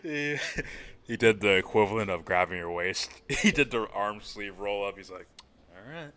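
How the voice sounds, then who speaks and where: A man's voice: lowish voice, lively intonation, moderate pace, pushed and bright. A man co-hosting a casual live reaction stream, rambling about films with lots of swearing and laughter. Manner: profane, rambling, laughs a lot. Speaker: co-host.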